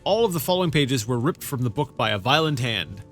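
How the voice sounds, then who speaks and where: A man's voice: medium pitch, lively intonation, a little fast, fairly bright tone, soft background music. A man hosting a let's play, chatting casually and playfully as he reads in-game texts aloud. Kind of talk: casual gameplay commentary.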